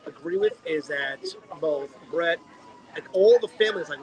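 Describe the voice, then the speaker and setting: A young man co-hosting a podcast, telling animated stories in casual chat and swearing freely. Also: on the high side, a little fast, crowd noise, poor audio. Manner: animated storyteller, heavy swearing. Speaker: podcast co-host.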